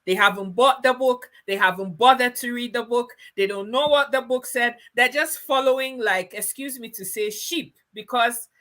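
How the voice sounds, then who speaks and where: A woman's voice: fairly high pitch, normal speed, hardly any pauses, bright, forceful tone. A woman from Ghana hosting a casual conversation, emphatic and affirming. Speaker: host. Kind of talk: casual chat.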